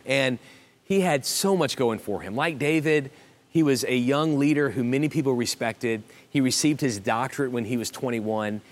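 A man preaching a sermon as pastor of his church, in an earnest way with halting restarts and emphatic repetition. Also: medium pitch. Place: church auditorium.

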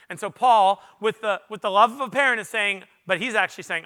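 A male pastor delivers a sermon to a big congregation in a church. His voice sits high for a man, with a sharp, ringing brightness. He talks earnestly, pushing up into loud emphatic peaks, then sinking into quiet, confessional asides. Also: fairly quick, few pauses, smooth. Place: church auditorium before a large congregation.

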